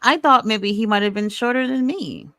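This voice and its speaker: A woman host chatting casually about wrestling in a smooth, clear voice, animated and blunt, cursing now and then. The sound is dry and close with no room around it. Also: fairly high pitch, moderate pace, dry recording. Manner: animated, blunt, swears freely. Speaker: podcast host.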